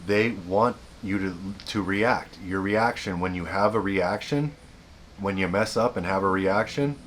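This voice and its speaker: A man's voice: low-pitched, a little slow, fairly bright tone, slight background noise. A man hosting a self-help video, giving blunt, repetitive, emphatic advice in a casual monologue.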